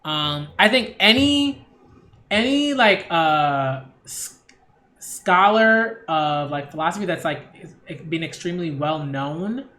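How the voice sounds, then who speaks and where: A man reading a manga aloud and reacting to it in a casual, excitable way, full of slang like "yo" and "like". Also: on the high side, takes it slowly. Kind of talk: casual read-along reaction.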